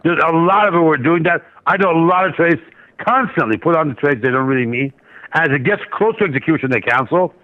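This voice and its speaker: This guest trader and market analyst talks quickly in a slightly high male voice, wandering through a trading anecdote with frequent asides and false starts. It's relaxed radio-interview storytelling, heard over a muffled lo-fi connection.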